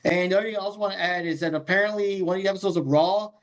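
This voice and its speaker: High-voiced man chatting hesitantly. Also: racing. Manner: hesitant, thinks aloud with fillers. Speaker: podcast host. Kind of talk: casual chat.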